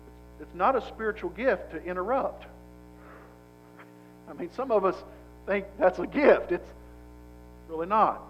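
A man preaches with a notably high voice, talking to his congregation in a casual, emphatic way and doubling back on words as he goes. The recording sounds dull and lo-fi, with soft guitar playing behind him. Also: lively intonation, a little slow, long pauses. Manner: conversational, emphatic, repeats words as he restarts. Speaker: pastor. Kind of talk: sermon.

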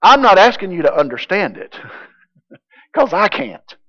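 High-voiced man preaching emphatically. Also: sing-song, a little slow, dull audio. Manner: emphatic, swings from hushed to loud. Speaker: pastor. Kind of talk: sermon.

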